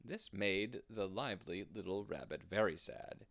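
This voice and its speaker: A man reading a children's storybook aloud in an expressive, sing-song storytelling manner. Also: sits low, unhurried, dry recording.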